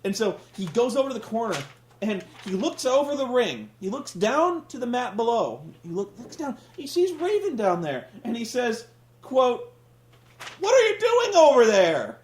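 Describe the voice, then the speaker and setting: Sarcastic ranting man, high lively voice. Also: normal speed, reverberant. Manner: sarcastic, profane, exasperated. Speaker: podcast host reviewing wrestling. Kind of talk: casual comedic rant.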